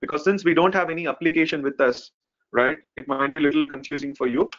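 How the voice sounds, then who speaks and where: A man's voice: a little high, fast, a bit bright. A male instructor teaching a live online technical class, explaining step by step with frequent "okay" and "right". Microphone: video call. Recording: dull lo-fi call audio.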